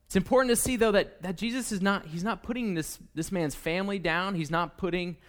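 Male preacher with a higher voice and a chatty delivery; keeps checking in with the room. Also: a little fast, fairly bright tone. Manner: conversational, with frequent "okay?" and "right?". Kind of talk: sermon.

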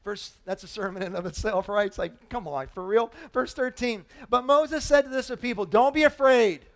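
A male pastor preaches a sermon to his congregation, animated and full of rhetorical questions as he reads scripture aloud. His voice is high-pitched and moves at a moderate pace.

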